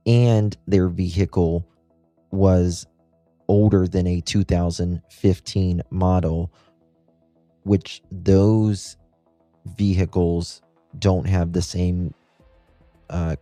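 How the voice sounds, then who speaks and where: Male livestream host, deep mellow voice, dry close sound, ponders aloud. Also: dry recording. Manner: musing, thinks aloud with rhetorical questions. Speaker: true-crime livestream host. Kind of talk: casual livestream commentary.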